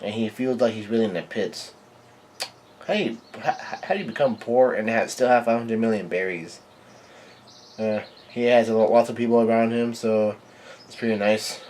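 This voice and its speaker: A man giving a live reading and reaction to a comic chapter, in a halting, stumbling way full of restarts. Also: fairly low pitch, darkish tone, a little hiss or hum. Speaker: manga reader and reactor.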